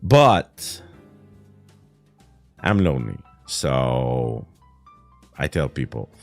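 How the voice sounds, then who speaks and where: Lively whiny man with Quebec French accent. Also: a bass voice, extremely slow, vocal fry, faint music behind. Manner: whiny, ranting, laughs often, swears. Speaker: streamer. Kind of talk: casual livestream chat.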